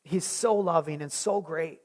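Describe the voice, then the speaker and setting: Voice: medium pitch, a little slow, a little mellow. Conversational Bible study teacher. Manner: conversational, restarts words, reads scripture aloud. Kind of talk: small group Bible teaching.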